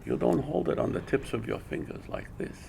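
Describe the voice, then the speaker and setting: A man's voice: mid-range voice, expressive, fairly quick, gravelly, dark tone, a little hiss or hum, pitched above the performer's own voice. A man imitating a stern older male ink teacher with a Japanese accent, blunt and scolding.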